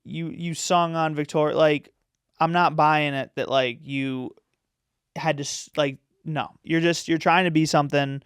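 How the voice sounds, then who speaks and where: A man's voice: on the high side, fairly even intonation, a little slow, fairly bright tone, clean tone, no room sound, studio quality. A man hosting a podcast in a casual, rambling chat, giving strong opinions and filling his talk with "like" and "you know.". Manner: rambling, opinionated, full of fillers. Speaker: podcast host.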